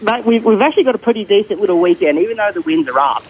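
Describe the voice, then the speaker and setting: A male Australian fisherman giving a radio fishing report, relaxed and rambling with lots of fillers. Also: sits high, very fast, husky, lo-fi sound.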